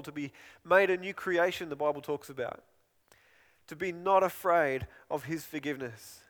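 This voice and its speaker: A man's voice: sits high, in a large hall. A man preaching a sermon in an earnest, pleading way, often repeating and restarting phrases.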